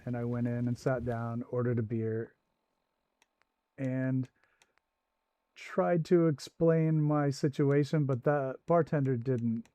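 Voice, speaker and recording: A man's voice: medium pitch, darkish tone, dry recording. A man hosting a livestream, telling a long casual anecdote with asides as he plays. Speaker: livestream host. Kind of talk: casual storytelling while gaming.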